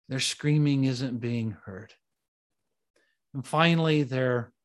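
A man, a pastor, delivering a sermon with dramatic repetition, slowing down for emphasis and dropping to hushed tones when telling stories. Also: medium pitch. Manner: dramatic preaching with slow, emphatic repetitions and hushed storytelling passages.

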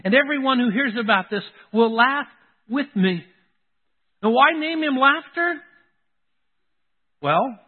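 A man's voice: high voice, husky, big-room sound. A man preaching a sermon as a pastor, earnest and repeating key phrases for emphasis. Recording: tinny phone-like sound.

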